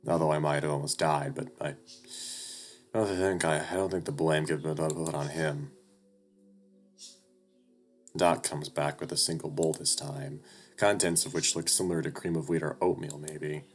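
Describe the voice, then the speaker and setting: A man's voice: a bass voice, fairly even intonation, normal speed, pauses often. A young man narrating a story game in first person, casual and rambling, swearing now and then. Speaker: game streamer. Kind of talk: narrating a visual novel playthrough.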